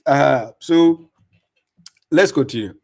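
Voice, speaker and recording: A livestream host with a medium-pitched, gravelly, darkish voice takes his time as he reacts to clips and speaks to viewers. His tone is mocking and insistent, and he repeats himself a lot.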